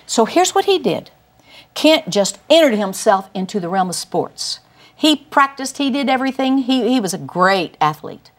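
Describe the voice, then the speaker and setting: An older woman giving a Christian teaching through a personal testimony, telling it emphatically with big swings up in pitch. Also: sing-song, normal speed. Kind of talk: testimony-style Bible teaching.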